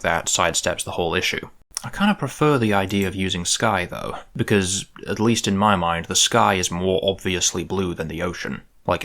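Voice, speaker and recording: A man's voice: sits low, a bit bright. A man explaining a language-building project in a musing, tentative way, thinking aloud and correcting himself as he goes. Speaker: conlang creator.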